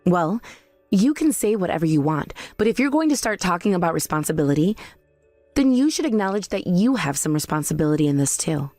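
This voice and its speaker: A woman's voice: on the low side, sing-song, a little fast, dark tone, no room sound, faint music behind. A woman voicing a young fiancée who coldly accuses her future mother-in-law. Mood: cutting. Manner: cutting, accusing.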